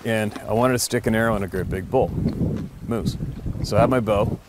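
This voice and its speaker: A man's voice: fairly low pitch, fairly quick, background noise. Rambling middle-aged man telling a story. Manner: rambling and animated, repeats words as he goes. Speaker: hunting guide. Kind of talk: casual storytelling.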